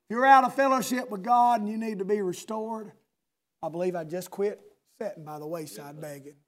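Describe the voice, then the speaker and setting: Man, preaching in church, high-pitched, fervent, calls on people by name. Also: brisk. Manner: impassioned, swings from loud shouting to low intimate speech; addresses listeners by name, rhetorical questions. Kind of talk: sermon. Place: church service.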